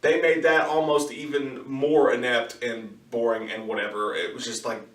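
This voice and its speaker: A man giving a casual, profane movie review, ranting in an animated way and slipping into quick impressions. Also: mid-range voice, distant mic. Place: in his car. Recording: echoey room, voice somewhat off-mic.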